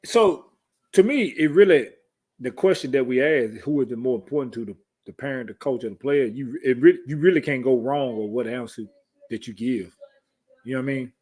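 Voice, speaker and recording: A man's voice: medium pitch, a little fast, darkish tone. Laid-back man co-hosting a podcast. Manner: laid-back, loose, playful trash talk. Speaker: podcast co-host. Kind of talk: casual chat.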